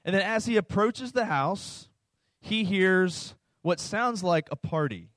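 A man's voice: high-pitched, animated, slow pace, fairly bright tone, no room sound, studio quality. A man preaching in a conversational sermon style, often checking in with the audience by asking "right?" and "okay?". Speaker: pastor.

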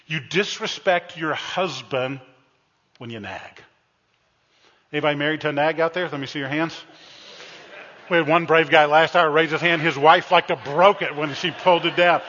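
Bright-voiced male pastor in an echoey hall. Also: on the high side, moderate pace, pauses often. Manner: playful, teasing, addresses the congregation directly. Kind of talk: humorous sermon. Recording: dull, echoey church sanctuary recording.

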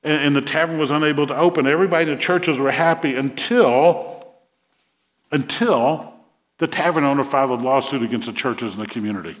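A man's voice: mid-range voice, a little fast, in a large hall. A man preaching a sermon, retelling a Bible story and acting out the king's words with rising emphasis. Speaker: pastor.

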